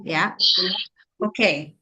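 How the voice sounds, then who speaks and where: A woman with an Indonesian accent presenting a teacher-training workshop, guiding a mindfulness exercise with slow, repetitive instructions and many pauses. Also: fairly low pitch, sharp tone, husky. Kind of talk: guided mindfulness workshop talk.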